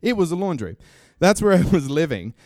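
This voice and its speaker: Comic Australian storyteller on stage. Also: male voice, a little high, brisk, dry recording, studio quality. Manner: comic, animated storytelling with voices. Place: stage in a small venue.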